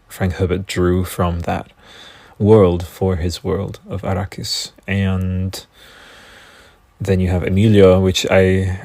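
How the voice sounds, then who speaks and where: Excitable, swearing podcast host; low fry-laden voice, tangents galore. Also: male voice, no room sound. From Australia. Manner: excitable, profane, tangent-prone. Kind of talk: casual solo podcast rambling.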